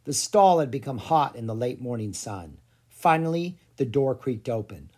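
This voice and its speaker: Expressive, breathy storybook narrator. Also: medium pitch, moderate pace. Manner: expressive, animated reading. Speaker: audiobook narrator.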